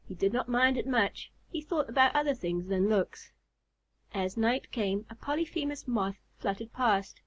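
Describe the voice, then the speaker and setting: Woman calmly reading a children's story. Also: a little high, normal speed. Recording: slightly muffled recording.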